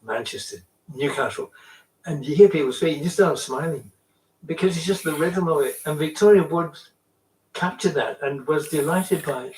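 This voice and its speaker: A man's voice: on the high side, moderate pace, a little mellow. A man giving reflective documentary commentary, recorded distant and roomy with faint music behind.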